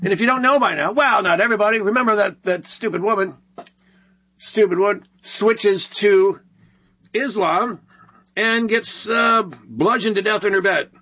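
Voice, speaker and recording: Male host, husky and bright, rambling sarcastic monologue. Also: sits high, normal speed. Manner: rambling, sarcastic, full of rhetorical questions. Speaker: show host. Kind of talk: opinionated commentary monologue.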